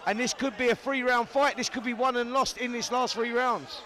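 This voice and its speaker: A man's voice: very high voice, fairly even intonation, normal speed, pushed and bright. A man with a Cockney accent giving live boxing commentary in a chatty, bantering way.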